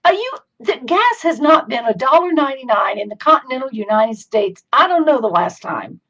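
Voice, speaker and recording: In this live-streamed craft tutorial, a Southern woman with a high, slightly bright voice is very animated, moving at a moderate pace. Chatty and folksy, she laughs easily while demonstrating, and the stream audio is dull and lo-fi.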